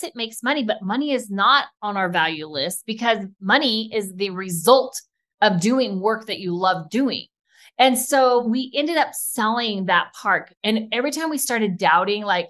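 A woman co-hosting a podcast, talking fast and enthusiastically in a casual chat. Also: medium pitch, fairly bright tone. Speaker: podcast co-host.

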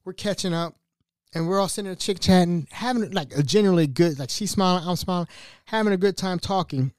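A podcast host in his forties telling a personal story in an animated way, often stammering and repeating himself. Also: high-pitched, fairly quick, clear, resonant tone, no room sound, studio quality. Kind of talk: storytelling monologue.

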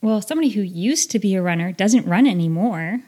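Woman, 30s, podcast host, self-help talk, earnest, animated. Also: mid-range voice, brisk, slightly rough. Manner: earnest, animated, laughs at herself.

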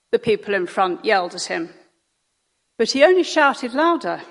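A woman reading a Bible story aloud in church, telling it slowly and dramatically. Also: a little high, animated. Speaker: scripture reader. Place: church hall. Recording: long church reverb.

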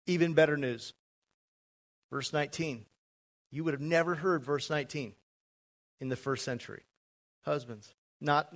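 A man preaching a sermon, emphatic and addressing the congregation directly with asides. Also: fairly high pitch. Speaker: pastor.

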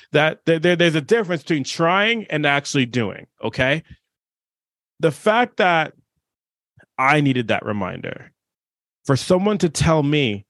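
A man's voice: a little high, a bit bright, no room sound. A male podcast host telling a personal story in an earnest, reflective, conversational way.

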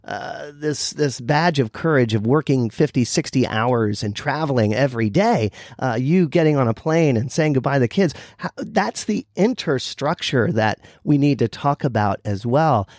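Lively-voiced man co-host. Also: medium pitch, normal speed, few pauses, dry recording, studio quality. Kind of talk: casual interview chat.

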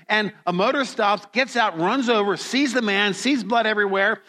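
A middle-aged man preaching a sermon as pastor, speaking slowly and deliberately, with dramatic storytelling. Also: high voice, pushed and bright, big-room sound.

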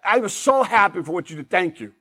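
A man's voice: sits high, lively intonation, fast talker, a bit bright, breathy edge, full character voice. A man voicing a delighted, generous male master of an estate who gushes with praise. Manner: effusive, gushing with praise.

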